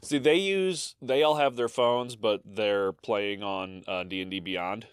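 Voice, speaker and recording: A man co-hosting a casual podcast, talking in an animated way, swearing freely and restarting his sentences. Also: on the low side, unhurried, clean tone, no room sound, clean studio sound. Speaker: podcast co-host. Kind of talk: casual chat.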